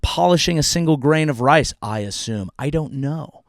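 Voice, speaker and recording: A man hosting a comedy podcast who delivers a profane, comedic rant and now and then jumps up into shrill yelling. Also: lively intonation, moderate pace, no room sound, clean studio sound.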